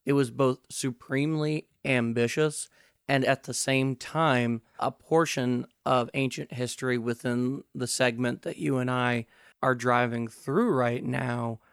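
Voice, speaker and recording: A man hosting a history podcast, speaking in an earnest, measured way with frequent fillers. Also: mid-range voice, steady tone, smooth, dry recording, studio quality. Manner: earnest, measured, many "you know" fillers. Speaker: podcast host. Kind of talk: podcast hosting, scripted intro then chat. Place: New York City.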